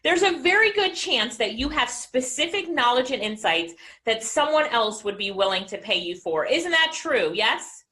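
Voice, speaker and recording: A woman business coach giving an energetic motivational talk and asking the audience questions. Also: a little high, normal speed.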